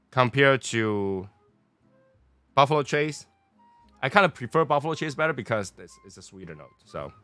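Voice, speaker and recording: A man's voice: fairly low pitch, pushed and bright. A man from Taiwan, chatting through a casual review in a rambling, playful way. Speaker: cigar and spirits reviewer.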